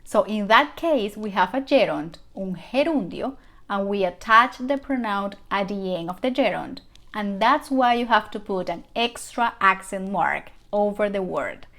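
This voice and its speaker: Slow, careful teacher woman. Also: medium pitch, animated, a bit bright. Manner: slow, careful model sentences with questions to the viewer. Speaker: Spanish teacher. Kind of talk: language lesson.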